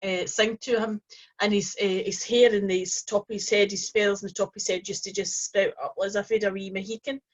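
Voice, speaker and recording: A woman hosting her own channel, telling a personal story in a gentle, rambling way with many restarts. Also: mid-range voice, level tone, fairly quick. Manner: gentle, rambling, with frequent restarts and soft fillers. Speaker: host. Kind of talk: casual personal storytelling to camera. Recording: dull lo-fi recording.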